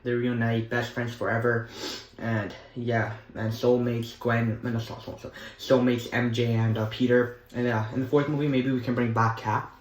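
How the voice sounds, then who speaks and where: A man's voice: medium pitch, flat delivery, moderate pace. A young man chatting casually as a vlogger, rambling and enthusiastic, with lots of filler words. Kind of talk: casual chat. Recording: echoey room.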